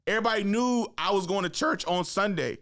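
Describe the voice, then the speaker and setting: A young man hosting a podcast, telling a story in a casual, animated way, full of slang and swearing, acting out what people said. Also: sits high, a little fast. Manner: animated, acts out quotes, swears freely, slangy. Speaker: podcast host.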